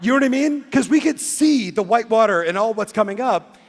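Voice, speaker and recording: A man giving an animated keynote talk in a big conference hall, acting out a story and breaking into shouts. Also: high voice, a little fast, gravelly. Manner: excitable, acts out the scene and shouts. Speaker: real estate coach and keynote speaker. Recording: long reverb in a big hall.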